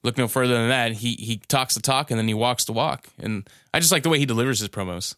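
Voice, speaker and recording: A man's voice: medium pitch, fast, fairly bright tone, no echo, studio quality. A man co-hosting a casual podcast, talking earnestly, repeating himself and swearing casually. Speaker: podcast co-host.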